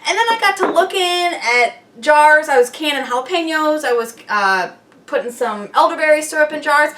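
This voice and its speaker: A woman's voice: sits high, lively intonation, moderate pace, fairly bright tone, recorded from a distance. A woman hosting a home cooking and homesteading video, chatting casually and upbeat with self-deprecating asides as she works in her kitchen. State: slightly out of breath at times. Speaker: homesteading channel host. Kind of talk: casual how-to demonstration.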